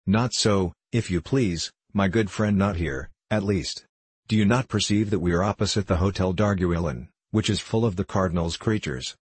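A male audiobook narrator with a deep, slightly husky voice. He reads in a steady, measured way, recorded close and dry with no room sound. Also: no room sound. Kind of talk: scripted narration.

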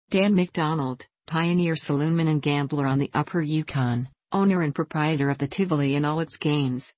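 A woman narrating an audiobook in a steady, measured reading voice. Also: low voice, dry recording. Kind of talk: scripted narration.

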